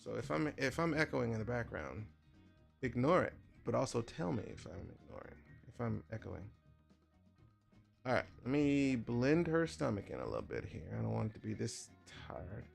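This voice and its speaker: A digital art livestreamer, a grown man with a son, chats casually with his viewers and jokes around while he draws. His voice sits at a medium pitch with a sing-song lilt, a moderate pace and some vocal fry. Faint music plays in the background.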